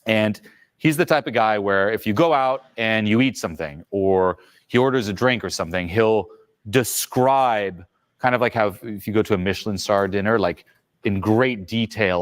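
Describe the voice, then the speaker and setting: A man coaching on social skills, telling stories in a lively, expressive way. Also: no echo. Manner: lively, expressive, swings in pitch. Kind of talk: animated storytelling advice.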